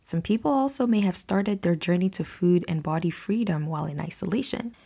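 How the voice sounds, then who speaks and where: Woman, podcast host, solo monologue, low husky voice, earnest and reassuring. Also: lively intonation, brisk, warm tone.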